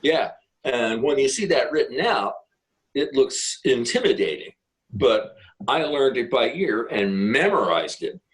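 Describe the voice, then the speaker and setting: A man's voice: mid-range voice, big pitch swings, unhurried, low-quality recording. A middle-aged man, a guest guitarist, telling rambling anecdotes in a casual interview, with many fillers and restarts.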